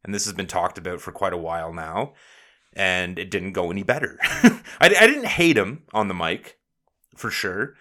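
A man's voice: sits low, animated, moderate pace, sharp tone. A young man co-hosting a wrestling podcast, chatting casually, joking and swearing freely. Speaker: podcast co-host.

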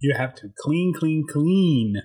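A man with a somewhat husky, breathy voice that sits a little high, talking in loose, rambling podcast banter. He swears freely and laughs a lot as he tells his stories. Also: expressive, slow, warm tone, rough recording. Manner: rambling, profane, laughs often. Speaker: podcast co-host and dungeon master. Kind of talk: casual chat.

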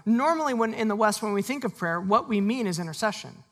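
A pastor giving a sermon in a relaxed, conversational way, laughing often and briefly voicing the people in the passage. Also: medium pitch, fast.

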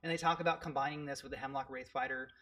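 A man co-hosting a casual podcast, explaining tabletop game rules in quick, filler-heavy talk with many ums. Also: mid-range voice, steady tone, a bit bright. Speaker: podcast co-host. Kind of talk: casual chat about tabletop wargaming.

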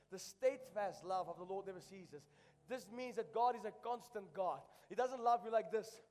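A pastor with a notably high voice delivers an impassioned sermon, hammering key phrases again and again. His words carry a long reverb from the church sanctuary. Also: darkish tone. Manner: impassioned preaching, repeats phrases for emphasis.

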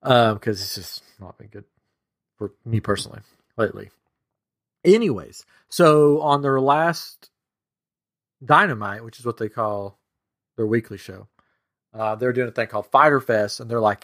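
A man's voice: mid-range voice, moderate pace, pauses often, a bit bright. A man co-hosting a podcast, telling a story in a chatty, self-amused way. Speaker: podcast co-host. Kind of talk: casual chat.

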